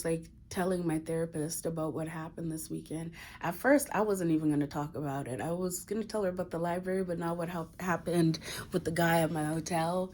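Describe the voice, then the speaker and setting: A woman's voice: fairly low pitch, darkish tone. A woman speaking candidly in a confessional personal vlog, emotional and swearing casually. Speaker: vlogger.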